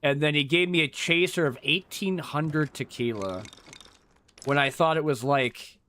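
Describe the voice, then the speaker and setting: A man with a fairly high, sharp-toned voice streams a game at a measured pace, casually talking to himself. His commentary is loose and profane, full of muttered asides and rambling stories that keep restarting.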